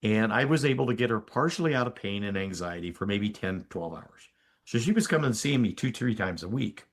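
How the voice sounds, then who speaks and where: An older man, a physician and energy healer, telling a story as a podcast guest in an animated, emphatic way with asides to the listener. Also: fairly low pitch, brisk. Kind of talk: conversational storytelling in an interview.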